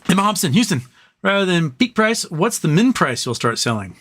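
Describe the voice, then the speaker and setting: A man's voice: a little high, big pitch swings, fast, a bit bright, slight background noise. A man hosting a casual livestream, reading viewer messages aloud and joking and rambling between them. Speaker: livestream host reading super chats.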